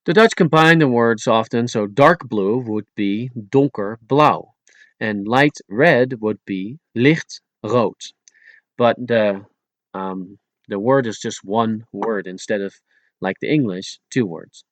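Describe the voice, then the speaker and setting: A man narrating a language-lesson audiobook in a slow, deliberate way, spelling words out letter by letter. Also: on the low side, no room sound.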